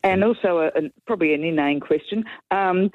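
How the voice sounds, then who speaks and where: A woman's voice: on the low side, a little fast, dry recording. A woman calling a radio show, asking a question hesitantly. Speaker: caller. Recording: tinny phone line.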